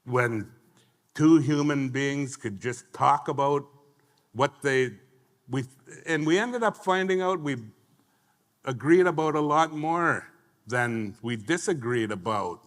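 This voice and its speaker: A man's voice: mid-range voice, slow pace. A man panelist sharing a reflective, conversational perspective, restarting phrases as he thinks. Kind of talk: panel discussion answer. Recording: reverberant conference hall.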